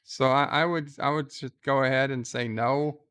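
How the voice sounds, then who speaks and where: A man's voice: medium pitch, fairly even intonation, normal speed, a bit bright, smooth. A man hosting a casual livestream, answering viewer letters in a hesitant, joking way, full of "uh" and restarts. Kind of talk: casual live-stream chat.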